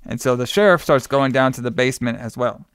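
A man's voice: mid-range voice, fast talker, smooth, dry recording, clean studio sound. A man casually recapping a film plot for a podcast, rambling with fillers and playful asides. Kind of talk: casual movie recap chat.

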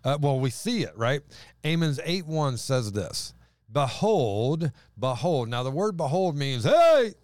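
A man hosting a casual Bible discussion, animated and emphatic, acting out scripture lines. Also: medium pitch, moderate pace, clean tone, dry recording, clean studio sound. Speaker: podcast host.

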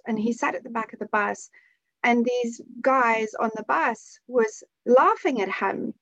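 A woman telling a heartfelt story in an earnest way, with pauses and restarts, in a spiritual conversation. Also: fairly high pitch, gravelly, no echo. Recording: dull lo-fi sound.

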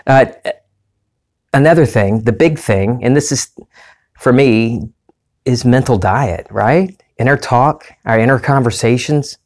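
A man's voice: mid-range voice, measured pace, a little mellow. A man giving a candid personal monologue as a self-help speaker, earnest and confessional, rambling with restarts.

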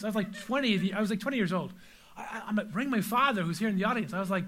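A man's voice: sits high, expressive, quick pace, sharp tone. A middle-aged man preaching a sermon to a church audience, telling stories and pressing listeners with repeated rhetorical questions. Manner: storytelling, emphatic rhetorical questions. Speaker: pastor. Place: church service before an audience.

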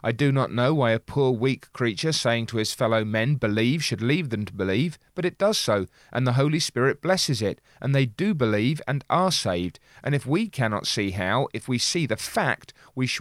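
Earnest guy talking through an old sermon, reads quotes out with feeling, mid pitch, close dry sound. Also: no room sound. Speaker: preacher commenting on a sermon. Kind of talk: reflective sermon commentary.

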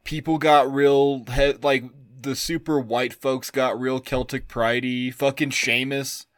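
A man co-hosting a podcast in casual chat, a bit drunk, loud and giggly, swearing freely. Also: medium pitch, little pitch movement, measured pace, dry recording, studio quality. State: tipsy from drinking. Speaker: podcast co-host.

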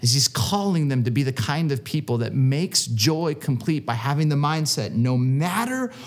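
A man's voice: medium pitch, sing-song, normal speed. A man preaching a sermon, telling stories earnestly and repeating words for emphasis. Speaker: pastor.

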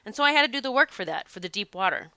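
A woman who works as a past life regression practitioner, talking casually to her audience and telling stories in an animated, emphatic way. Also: mid-range voice, racing, clean tone, dry recording. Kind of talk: casual spoken talk to an audience.

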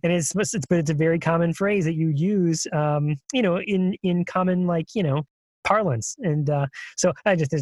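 A man's voice: fairly high pitch, normal speed, a little mellow, no room sound. A man co-hosting a podcast in casual chat, keen and a little nerdy in his asides. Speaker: podcast co-host.

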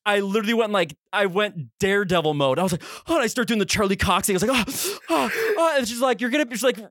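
Fast-talking high-voiced man telling a story. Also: dry recording, clean studio sound. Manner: animated, acts out quotes with sudden high yelps. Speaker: podcast co-host. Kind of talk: casual storytelling.

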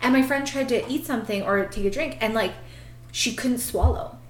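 A woman on a podcast telling a story in a casual, animated way, swearing freely and laughing often. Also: fairly high pitch, normal speed, echoey room. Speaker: podcast host.

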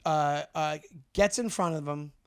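A man, co-hosting a podcast and telling animated stories with swearing and restarts. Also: on the high side, unhurried, clean tone. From Long Island, New York. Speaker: podcast co-host. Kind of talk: casual chat.

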